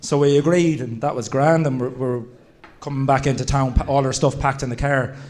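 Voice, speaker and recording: A man's voice: mid-range voice, steady tone, darkish tone. An Irish man, a former player and guest at a live podcast show, telling a laughing, chatty anecdote. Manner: laughing, chatty, quick bursts.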